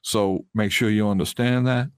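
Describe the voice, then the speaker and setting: A man's voice: lowish voice, steady tone, moderate pace, smooth, no echo, clean studio sound. A man from South Carolina, a car dealer co-hosting a radio chat, folksy and blunt. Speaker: car dealership owner, co-host.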